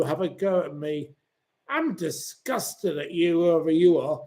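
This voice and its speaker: A man's voice: a little high, lively intonation, unhurried, mellow. A man hosting a livestream, reading viewer comments aloud and ranting and swearing at commenters. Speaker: channel host.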